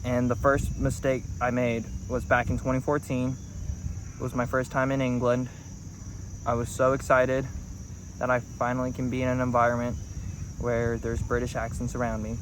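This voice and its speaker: A man's voice: mid-range voice, completely flat delivery, moderate pace, background noise. A young man from New Mexico with an American accent, telling a personal story in a rambling, self-correcting way. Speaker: vlogger. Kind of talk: casual talk to camera.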